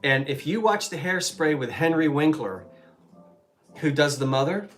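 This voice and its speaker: This co-host of a live antiques stream is a middle-aged man from the Delaware Valley in the USA whose Philadelphia accent comes through as he chats and reminisces with jokey asides. His voice is fairly high, animated and fairly bright, at a moderate pace over soft background music.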